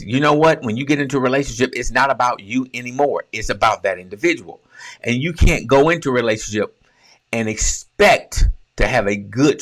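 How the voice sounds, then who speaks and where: A man with a low, deep voice delivers a relationship coaching talk. He speaks emphatically and conversationally, posing questions and answering them himself like a teacher. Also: fairly bright tone. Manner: conversational, with colloquial phrasing.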